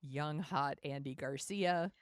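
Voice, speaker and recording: A woman's voice: sits low, takes it slowly, clear, resonant tone, dry recording, clean studio sound. A woman hosting a podcast, chatting casually in an upbeat way with fillers. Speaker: podcast host. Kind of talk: casual chat. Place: home, San Francisco.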